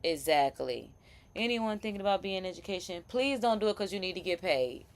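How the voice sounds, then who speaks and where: A woman's voice: lowish voice, lively intonation, brisk, background noise. A young woman hosting a casual live chat, chatty and rambling, with laughing asides and many restarts. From Florida. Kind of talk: casual commentary.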